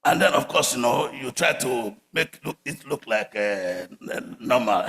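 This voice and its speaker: A man preaching a sermon, telling stories with big swings from loud outbursts to quiet murmurs. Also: medium pitch, slow, hardly any pauses. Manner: animated storytelling, swings from shouts to murmurs. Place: church sanctuary. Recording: echoey church hall.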